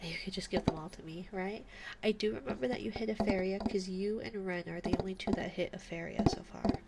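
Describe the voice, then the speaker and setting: Woman, streamer, casual chat, grumbling, gravelly fry, noisy keyboard background. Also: mid-range voice, a little fast. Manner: frustrated, muttering while fiddling with settings. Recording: loud background noise with keyboard clicks.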